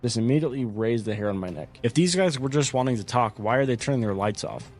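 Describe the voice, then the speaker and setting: A man telling a first-person story about his camping trip in a calm, matter-of-fact way. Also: mid-range voice, fast talker, faint music behind.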